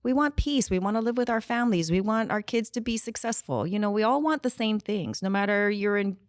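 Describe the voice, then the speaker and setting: A woman's voice: mid-range voice, expressive, brisk, no echo. A chatty middle-aged woman talks as an interview guest in a podcast studio. She laughs easily and drifts into side stories. Her voice sits mid-range and is recorded close and dry. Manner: chatty, laughs often, goes off on tangents. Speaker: interview guest, nonprofit director. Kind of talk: casual podcast conversation.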